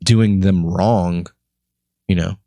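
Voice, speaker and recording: A man's voice: low voice, steady tone, slow pace, mellow, dry recording. A man hosting a casual podcast, rambling and joking, often slipping into mock voices for people he quotes. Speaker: podcast host.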